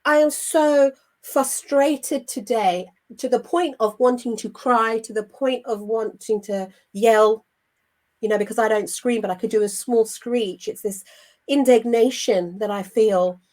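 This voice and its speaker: A woman's voice: a little high, darkish tone. A middle-aged woman co-hosting a Christian show, speaking earnestly and with indignant emphasis. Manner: emphatic and indignant, with measured phrasing. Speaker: co-host of a Christian online show. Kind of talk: earnest spiritual talk.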